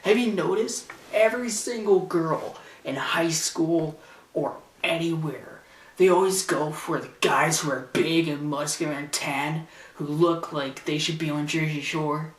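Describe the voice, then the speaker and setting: A man's voice: a little high, unhurried, echoey room, far from the mic. A teenage boy ranting sarcastically and indignantly into a camcorder in his bedroom. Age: teens. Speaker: vlogger. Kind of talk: ranting vlog. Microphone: camcorder mic.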